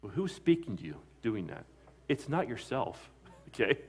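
A man's voice: mid-range voice, big pitch swings, normal speed, breathy edge. A man, a pastor, preaching a sermon with emphatic delivery, asking his listeners questions and answering them. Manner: emphatic preaching with rising and falling loudness, asks the congregation questions.

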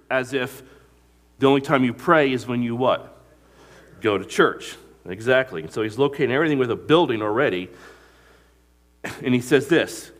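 A man's voice: medium pitch, normal speed, pauses often. A male pastor preaching a sermon, telling stories and asking the congregation questions that it answers. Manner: asks the congregation questions and lets them fill in the answer; storytelling, retelling movie scenes.

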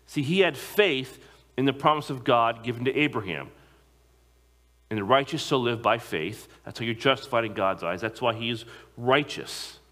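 A man preaching a sermon to a congregation, emphatic, slowing down to stress key phrases. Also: medium pitch, fairly bright tone. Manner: emphatic, slows down on key phrases, occasional repeated words.

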